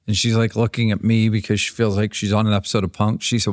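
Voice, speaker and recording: A man's voice: lowish voice, flat delivery, fast talker, hardly any pauses, no room sound, clean studio sound. A man, a co-host who grew up on the Pennsylvania-Ohio border, chatting casually and retelling scenes with quoted voices. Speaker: podcast co-host. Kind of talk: casual chat.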